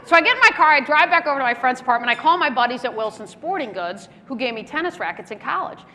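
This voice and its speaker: Bright high-voiced woman giving a keynote. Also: fast talker. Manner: lively anecdotes, acts out dialogue. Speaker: keynote speaker. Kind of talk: keynote storytelling. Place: large luncheon hall. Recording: echoey hall, faint room noise.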